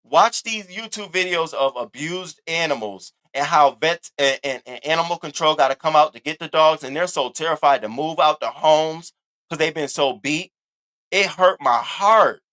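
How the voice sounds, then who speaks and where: Animated profane man ranting to viewers. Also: a little high, normal speed. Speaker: commentary host. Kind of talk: casual commentary rant.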